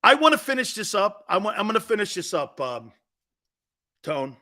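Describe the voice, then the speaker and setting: Male sports-talk host, brash and rambling, slightly high pitch, bright punchy tone. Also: sing-song, moderate pace. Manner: brash, rambling, jumps into loud outbursts; laughs at his own jokes. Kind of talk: sports talk rant with storytelling.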